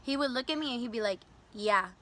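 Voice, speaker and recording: A young woman telling a rideshare story in a casual vlog, animated and profane, acting out her own and her passenger's lines. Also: on the high side, fast, heavy background noise.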